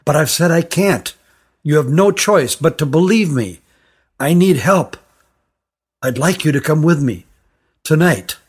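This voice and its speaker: Brief: a man as a scared, urgent youth, hushed and pressing, fairly high voice. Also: lively intonation, a little slow, pauses often, slightly rough. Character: frightened, urgent older boy on the run. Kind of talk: storybook reading.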